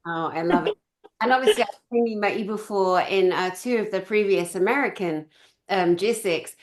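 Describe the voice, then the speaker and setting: A woman's voice: mid-range voice, moderate pace. Effusive woman host in echoey room. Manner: affectionate, effusive, calls guests "my love". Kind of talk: conference host chat.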